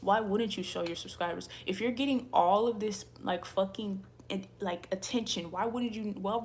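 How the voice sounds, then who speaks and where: A woman's voice: mid-range voice, normal speed, few pauses, a little mellow, a little hiss or hum. Angry, profane woman ranting. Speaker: tarot reader and YouTuber. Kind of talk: casual ranting to camera.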